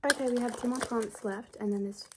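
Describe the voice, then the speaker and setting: A woman's voice: on the high side, fairly even intonation, fairly quick, noisy background. Chatty nineteen-year-old woman vlogger. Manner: chatty, rambling, giggly asides. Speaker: book vlogger. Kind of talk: casual chat to camera.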